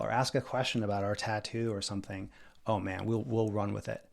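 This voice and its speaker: Gravelly-voiced man, enthusiastic dating coach. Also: on the low side, quick pace, darkish tone. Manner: enthusiastic, storytelling, emphatic repetition. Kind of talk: casual podcast interview.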